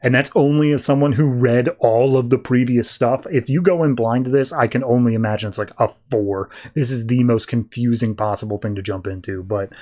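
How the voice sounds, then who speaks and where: A man hosting a podcast, casually recapping a comic issue and tossing off quick voiced lines for the characters. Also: mid-range voice, mellow. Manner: loose, chatty retelling with quick voiced asides. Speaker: podcast host reviewing comics.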